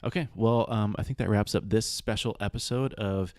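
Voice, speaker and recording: Deep-voiced young man rambling casually. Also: moderate pace, no room sound, clean studio sound. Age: 20s. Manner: rambling storyteller, full of side stories and fillers. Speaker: podcast host. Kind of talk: casual podcast chat.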